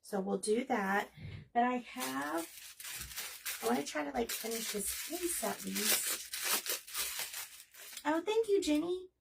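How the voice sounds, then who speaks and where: A woman's voice: on the high side, lively intonation, a little slow, gravelly, far from the mic, noisy background. A woman in her forties chatting casually and rambling as she hosts a crafting livestream. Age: 40s. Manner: chatty, rambling, talks while working.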